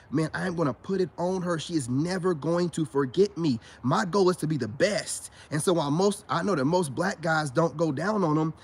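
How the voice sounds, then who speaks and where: A man's voice: a little high, breathy edge. A man giving a casual vlog monologue to camera, boastful and preachy, talking straight to his viewers as brothers and repeating his points. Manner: addresses viewers directly as brothers. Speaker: self-styled spiritual advice vlogger.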